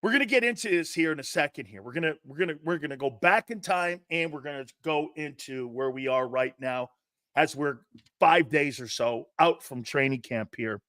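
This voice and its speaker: A man's voice: fairly high pitch, animated, normal speed, a bit bright, no room sound, studio quality. A man hosting a sports talk show, giving brash, mocking opinions and laughing often.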